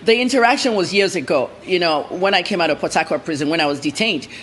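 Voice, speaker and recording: A woman's voice: fairly low pitch, lively intonation, fast talker, fairly bright tone, a little hiss or hum. A woman journalist answering interview questions in a blunt, emphatic way.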